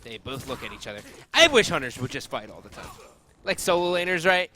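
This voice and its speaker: A male co-caster gives color commentary on an esports match, relaxed in the lulls and loud and hyped when fights break out. His voice is high and very sharp and bright. Faint ambience sits under the broadcast. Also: brisk, a little hiss or hum. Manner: laid-back banter, rising to loud hype in fights.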